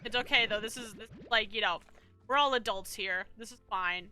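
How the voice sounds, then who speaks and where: A woman's voice: medium pitch, normal speed, bright, forceful tone. A woman streaming a game live, chatting casually, reading chat aloud and yelping and swearing at the game. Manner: reads chat messages aloud playfully. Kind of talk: casual gameplay commentary.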